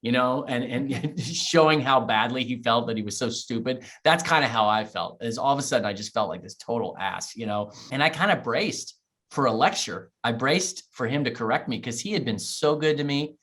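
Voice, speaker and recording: A man's voice: medium pitch, lively intonation, moderate pace, fairly bright tone. A man in his forties, an interview guest, telling a heartfelt personal story in an earnest, reflective way. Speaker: podcast guest.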